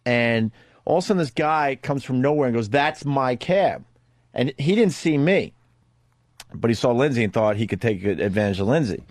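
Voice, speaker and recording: A man's voice: medium pitch, animated, fast talker, darkish tone, no echo. A man hosting a radio talk show in a studio, telling a rambling, profane story into a studio microphone.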